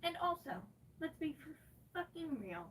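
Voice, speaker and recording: A woman live streamer rants angrily at her chat while moving around her bedroom, sarcastic and swearing constantly. Her high, slightly bright voice swings widely in pitch and runs a little slow, heard far from the mic over slight background noise.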